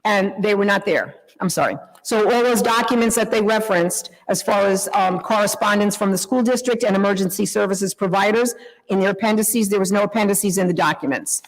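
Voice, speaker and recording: A woman's voice: medium pitch, brisk. A woman, a local resident, giving indignant and emphatic public comment at a town meeting. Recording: long reverb in a meeting hall.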